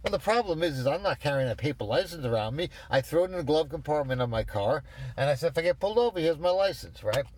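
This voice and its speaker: A man's voice: on the high side, lively intonation, fast, a little mellow, slight background noise. A man in his fifties ranting in a rambling, exasperated way, swearing as he goes. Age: 50s. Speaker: ranter. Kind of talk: casual rant.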